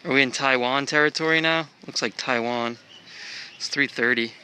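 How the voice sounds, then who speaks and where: A man talks through a casual travel vlog while strolling an outdoor park, his voice bright and forward. He rambles and thinks aloud, dropping the odd curse, with a faint outdoor hum in the background. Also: mid-range voice, normal speed. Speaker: traveler filming a walk.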